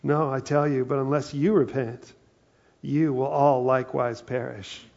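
A man's voice: medium pitch, fairly even intonation, measured pace, vocal fry, darkish tone, highs cut off. A male pastor giving a conversational sermon, slipping into quoted voices as he tells a passage.

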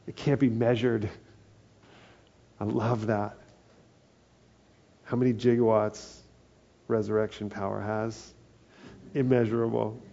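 A man's voice: fairly low pitch, gravelly, dark tone, muffled recording. A man preaching a sermon as pastor, earnest and building to emphatic peaks.

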